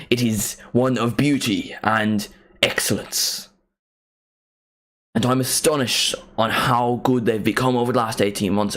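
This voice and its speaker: This is a man parodying a pompous TV football pundit. The delivery is slow and measured, with every phrase given false gravity. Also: lowish voice, close to an everyday voice. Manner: slow, formal, mock-serious.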